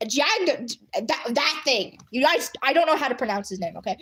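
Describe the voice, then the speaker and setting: Giggly, lively woman chatting with her viewers. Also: fairly high pitch, normal speed, few pauses, husky. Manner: giggly and animated, often bursting into laughter. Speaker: streamer. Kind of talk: casual live chat with viewers. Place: at home at her computer.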